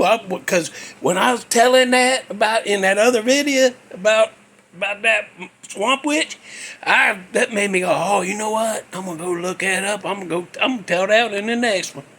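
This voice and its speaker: A man hosting his own show, chatting casually and in a rambling way about an old movie, breaking into sudden excited whoops. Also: high-pitched, gravelly, slightly rough. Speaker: host.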